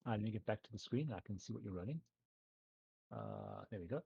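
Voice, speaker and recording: A man narrating as game master of a tabletop game, easygoing and halting. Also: lowish voice, vocal fry, slightly rough, no echo. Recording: dull lo-fi mic.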